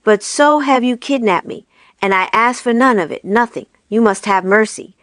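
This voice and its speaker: Casting: woman playing a scared, timid young girl, high and pleading. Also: moderate pace, fairly bright tone, dry recording, clean studio sound, natural voice.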